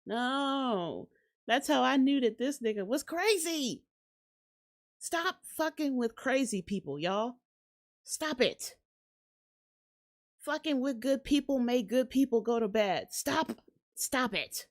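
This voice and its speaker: A young woman hosting a casual commentary rant, her voice pitched a little higher than most women's. She talks blunt and profane, laughs often and slips into mocking put-on voices. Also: lively intonation, measured pace. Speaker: commentary channel host.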